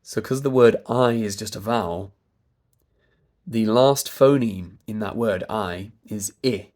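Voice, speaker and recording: A man with a British RP accent and a stuffy nose, coaching pronunciation by stretching vowel sounds very slowly. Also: lowish voice, a little mellow. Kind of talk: slow demonstration of vowel sounds.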